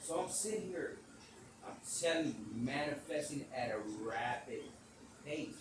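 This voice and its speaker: A man hosting a podcast, telling a rambling, animated story in speech, swearing casually and acting out the quotes. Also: a little high, a little slow, far from the mic. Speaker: podcast host. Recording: echoey room, off-mic, background noise.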